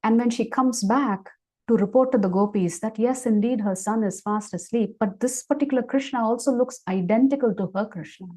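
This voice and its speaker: Brief: woman devotional speaker on a video call, mellow tone, animated storytelling. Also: a little high. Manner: animated storytelling, then slower reflective teaching. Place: online class session.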